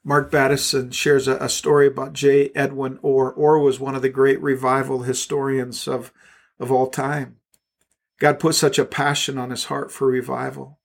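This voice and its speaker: A man's voice: mid-range voice, level tone, normal speed, vocal fry. A man pastor delivering a podcast sermon and prayer, with a fervent, repetitive prayerful cadence.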